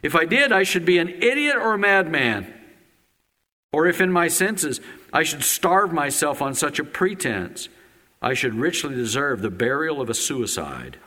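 A pastor preaching a sermon, a man whose fairly high voice has a bright, forceful edge. He moves between loud exclamations and low, quiet asides. A long reverb from a large church sanctuary trails behind each phrase. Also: sing-song, normal speed.

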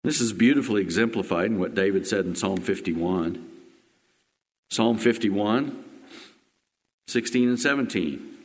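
A male pastor preaching a sermon, firing rhetorical questions and swinging between loud emphatic lines and hushed ones. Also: on the low side, a little slow, pauses often. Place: church sanctuary. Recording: long hall reverb.

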